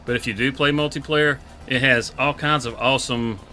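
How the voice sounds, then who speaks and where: A man with a drawl chats through a live farming game stream, loose and laughing. His voice is bright and forceful, and faint music hums behind him. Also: medium pitch, steady tone, moderate pace. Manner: laid-back, laughing, drawling country talk. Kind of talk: casual live gameplay chat.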